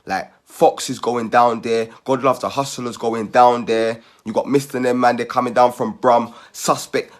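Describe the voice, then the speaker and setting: A man's voice: medium pitch, fairly even intonation, moderate pace, few pauses. Rallying man. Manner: rallying, persuasive, repeats "yeah?" as a tag. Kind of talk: community appeal video.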